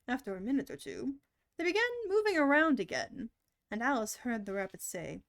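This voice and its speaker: A woman reading a children's book aloud on a stream in an expressive, animated way. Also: fairly high pitch, moderate pace, vocal fry. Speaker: storyteller.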